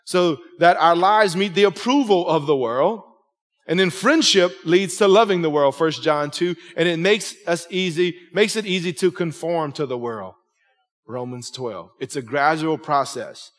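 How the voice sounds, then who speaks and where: A man in his forties preaching a sermon with a slightly raised pitch, his words landing with conversational emphasis. He keeps checking in with the congregation. A long church reverb trails after each phrase. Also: measured pace. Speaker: pastor.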